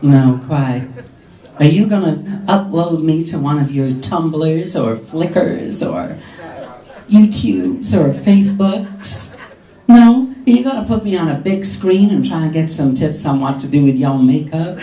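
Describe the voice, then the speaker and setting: A man's slightly high, unhurried voice carries his act as a brash, catty drag queen hostess. He works the live audience in a pub or club function room with sarcastic, mock-haughty teasing. A camera far off among the audience records the echoey room, with loud crowd laughter and chatter.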